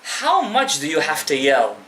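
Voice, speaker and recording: A man delivers a fervent Torah lesson, speaking straight to his audience and dropping Hebrew terms into his talk. His voice is bright and his pitch leaps and falls with feeling. The recording is roomy with a faint murmur behind. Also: wildly swooping pitch, a little slow, slight background noise. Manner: impassioned, addresses listeners directly, mixes in Hebrew terms. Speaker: rabbi. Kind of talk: live Torah class to an audience.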